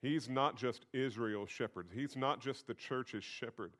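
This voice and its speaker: A man's voice: medium pitch, a little slow, fairly bright tone. A male pastor giving a sermon in a conversational teaching manner, stressing points through repetition.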